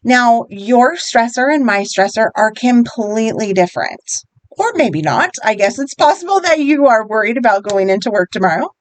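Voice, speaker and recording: A woman guiding listeners through a tapping exercise, speaking gently and encouragingly, step by step. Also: on the high side, lively intonation, moderate pace, no echo. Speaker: EFT wellness guide. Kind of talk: guided tapping instruction.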